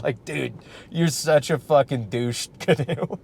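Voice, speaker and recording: A man's voice: medium pitch, steady tone, measured pace, darkish tone. A man and stand-up comic hosting a casual solo podcast, ranting in a profane, rambling, worked-up way. He is from Michigan.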